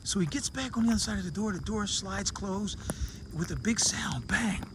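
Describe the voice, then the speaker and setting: High-voiced man telling a joke animatedly. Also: lively intonation, normal speed, noisy background. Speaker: vlogger living abroad. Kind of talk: casual storytelling to camera.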